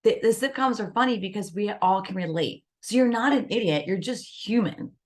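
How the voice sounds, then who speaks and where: A woman's voice: medium pitch, normal speed. A woman guest on a wellness podcast, talking animatedly about stress and self-talk and acting out the voice of the inner critic. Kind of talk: podcast interview.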